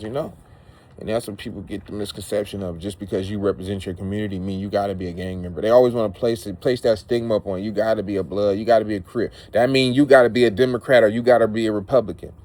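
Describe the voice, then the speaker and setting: A man's voice: fairly low pitch, dark tone. A man speaking in an emotional, rambling personal monologue, repeating words for emphasis. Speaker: vlogger.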